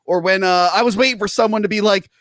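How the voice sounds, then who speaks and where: A man hosting a casual movie review podcast, jokey and animated, acting out his own reactions as he talks. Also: sits high, fast, no room sound, clean studio sound. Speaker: podcast host.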